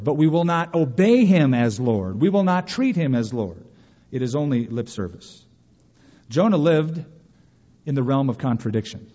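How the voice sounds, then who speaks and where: A man preaching a sermon as pastor, animated and sometimes mimicking whiny voices for emphasis. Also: mid-range voice, breathy edge. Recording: dull sound with long reverb of a hall.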